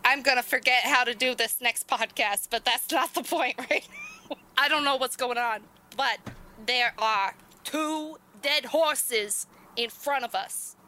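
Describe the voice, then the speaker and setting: Bright high-voiced young woman player. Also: a little slow, slight background noise. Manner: laughing, self-mocking, swears often. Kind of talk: casual tabletop game chat.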